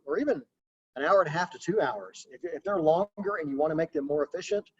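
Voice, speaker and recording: A man coaching real estate agents in a relaxed, conversational webinar talk over a video call. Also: on the high side, lo-fi sound. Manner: casual, conversational, practical coaching.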